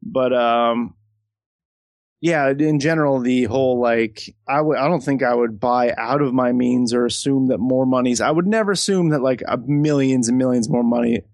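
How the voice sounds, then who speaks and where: Man, podcast co-host, casual chat, laid-back, swearing, mid-pitched, dry sound. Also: moderate pace, a little mellow, no room sound. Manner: laid-back, swears freely, laughs often.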